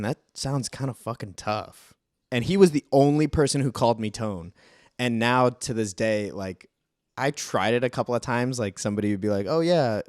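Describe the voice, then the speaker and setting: A young man chats casually on a podcast, spinning a personal story and dropping swear words along the way. His pitch sits in the everyday middle. The sound is dry and close. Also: a little mellow, no echo. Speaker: podcast co-host. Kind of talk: casual chat.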